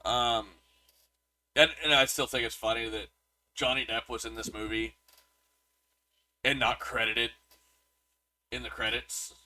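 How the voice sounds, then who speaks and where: A man's voice: mid-range voice, steady tone, measured pace, pauses often, pushed and bright. A man co-hosting a podcast, chatting casually about a movie and reading reviews aloud, with lots of restarts. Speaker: podcast co-host.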